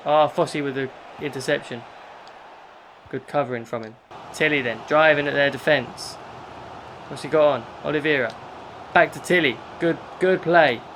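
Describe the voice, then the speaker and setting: A man's voice: a little high, moderate pace, pauses often, a little hiss or hum. Exasperated man commentating his game. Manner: frustrated, exasperated play-by-play with sudden excited outbursts. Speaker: gaming YouTuber. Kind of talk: live gameplay commentary.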